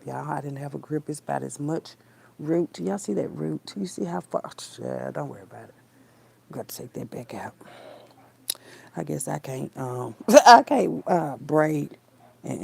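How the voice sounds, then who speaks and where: A woman's voice: low-pitched, gravelly, dark tone, breathy edge. A woman vlogger talking casually to her viewers while braiding her hair, blunt and rambling, calling them baby and child and trailing off into mutters.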